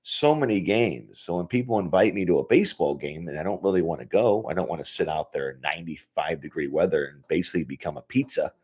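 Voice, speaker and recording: Low-voiced man rambling in a podcast. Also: a little mellow. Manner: rambling, profane, laughs often. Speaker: podcast host. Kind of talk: casual solo podcast. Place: home office.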